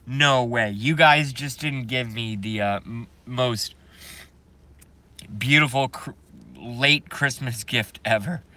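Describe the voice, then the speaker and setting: A man's voice: mid-range voice, slow, bright, forceful tone. A man on a live stream, talking to his viewers and reading their chat, emphatic and repetitive, often laughing in disbelief.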